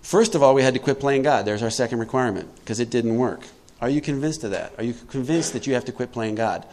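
A man's voice: mid-range voice, fast talker, darkish tone. A middle-aged man giving a twelve-step recovery talk to a group, conversational and emphatic, often putting questions to his listeners.

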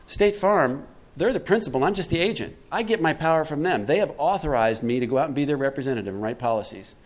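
A man's voice: fairly high pitch, expressive, fast talker. Emphatic man giving a recovery talk. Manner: conversational and emphatic, asks the audience questions. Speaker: twelve-step recovery speaker.

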